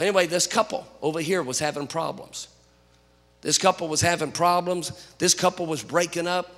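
High, gravelly man preaching in a hall. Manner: animated storytelling preacher, rising to shouts. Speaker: pastor. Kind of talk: sermon.

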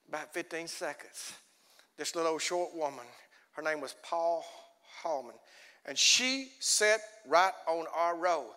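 A man preaching a folksy, animated sermon as an evangelist, swinging between quiet storytelling and shouting. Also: on the high side, measured pace. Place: church. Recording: echoey church hall.

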